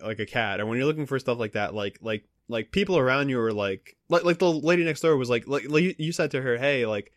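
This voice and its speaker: A man's voice: mid-range voice, fast, few pauses, no room sound. Swearing young man, dry close sound. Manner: animated, swears often, acts out quotes. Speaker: podcast co-host. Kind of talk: casual chat.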